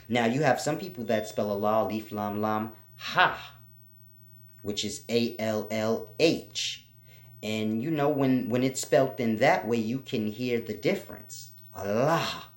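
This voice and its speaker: A man giving an informal spiritual teaching, slow and repetitive, spelling out letters for emphasis. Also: mid-range voice. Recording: roomy echo.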